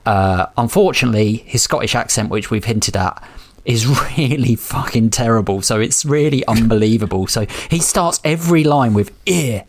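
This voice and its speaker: A man co-hosting a film podcast, talking in halting bursts with restarts and casual swearing. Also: mid-range voice, expressive. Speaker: podcast co-host.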